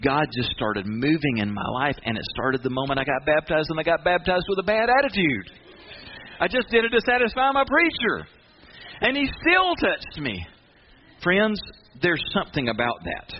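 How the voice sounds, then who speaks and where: A male pastor preaches with a somewhat high voice that climbs and dips in lively swings, repeating key lines for emphasis. The recording is dull and lo-fi, with a faint hiss underneath. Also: normal speed. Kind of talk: sermon.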